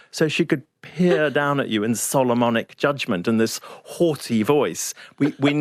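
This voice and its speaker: Older man, from Zimbabwe, interview guest, wry, measured, mid-pitched voice, dry close studio sound. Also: dry recording. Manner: wry, measured, with frequent restarts and fillers. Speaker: guest writer. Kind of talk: reflective conversational storytelling.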